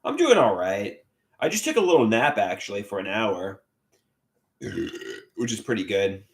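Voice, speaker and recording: Hosting a laid-back livestream, this man speaks in a lowish, sing-song voice at normal speed. He wanders from topic to topic, says things more than once, and reads viewers' comments aloud while greeting them by name.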